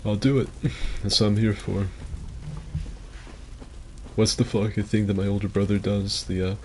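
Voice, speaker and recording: A man's voice: fairly low pitch, normal speed, slight background noise. A man rambling casually as he comments on his own gameplay, with loose filler-heavy talk and swearing. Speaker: gaming streamer.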